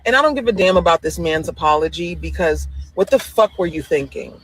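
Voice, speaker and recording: A man's voice: on the high side, lively intonation, fairly quick, a bit bright, a little hiss or hum, poor audio. A man in a commentary clip, indignant and profane, firing off rhetorical questions.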